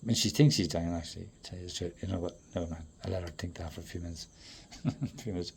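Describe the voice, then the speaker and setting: A man in a rambling, profane monologue that swings between loud outbursts and low mutters. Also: fast talker, creaky, husky.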